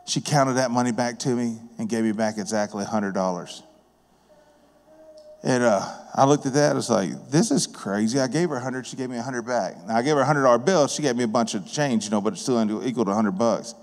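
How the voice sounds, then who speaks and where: Folksy preacher in a reverberant church. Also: male voice, medium pitch, a little fast. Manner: folksy, conversational, plain-spoken. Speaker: guest preacher and business owner. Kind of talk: sermon with personal storytelling. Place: church sanctuary. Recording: long reverb of a church hall.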